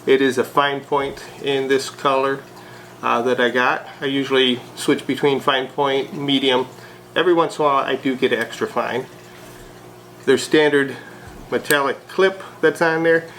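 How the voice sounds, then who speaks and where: A man's voice: mid-range voice, normal speed, slight background noise, poor audio. Chatty man unboxing a pen. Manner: chatty, relaxed, with frequent "uh" fillers. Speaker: pen reviewer vlogger. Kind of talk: casual unboxing chat.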